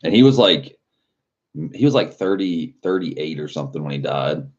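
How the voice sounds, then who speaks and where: Man, very deep voice, casual live stream chat, rambling with fillers and swearing, muffled lo-fi audio. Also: animated, normal speed, a little mellow. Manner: loose rambling, heavy on filler words and swearing.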